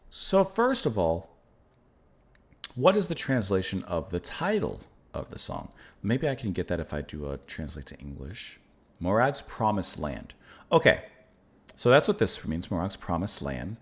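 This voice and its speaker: Guy doing music reactions, lowish voice that moves around a lot, chill and thoughtful. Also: sing-song. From United States. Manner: thoughtful, stumbles over unfamiliar place names; reads lyrics aloud slowly. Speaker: music reaction channel host. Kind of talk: casual reaction commentary.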